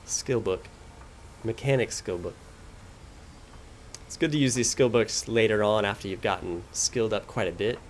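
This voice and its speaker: A man chatting casually while playing a video game, relaxed and laughing easily. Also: on the low side, normal speed, pauses often, a little hiss or hum. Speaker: game streamer. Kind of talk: casual let's play commentary.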